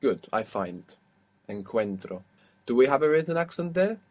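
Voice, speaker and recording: A man's voice: mid-range voice, very animated, moderate pace, darkish tone. A man teaching a language lesson, patiently asking questions and explaining rules step by step.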